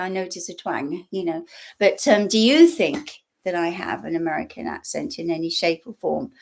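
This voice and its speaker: A woman's voice: on the low side, creaky. Chatty English woman on a live stream. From England. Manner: chatty and rambling, many fillers, frequent laughs. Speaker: YouTube host. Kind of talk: casual live-stream chat. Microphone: built-in laptop microphone.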